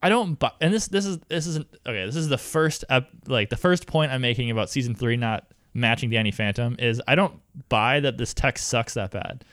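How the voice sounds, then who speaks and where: A man's voice: mid-range voice, brisk, few pauses, fairly bright tone, no echo, clean studio sound. A man co-hosting a casual podcast, chatting and laughing as he recaps an episode and quotes the characters. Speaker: podcast co-host.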